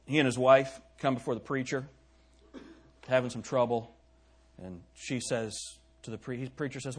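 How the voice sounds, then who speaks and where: A man's voice: medium pitch, moderate pace, pauses often, breathy edge. A male pastor preaching a sermon, emphatic, putting questions to the congregation and reading scripture aloud. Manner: reads scripture in old-fashioned wording.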